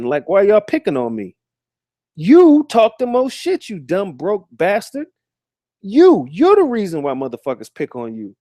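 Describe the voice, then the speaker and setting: A man's voice: sits high, warm tone, no echo, clean studio sound. A man hosting a live stream, ranting in a profane, combative, mocking way and often restarting and repeating words.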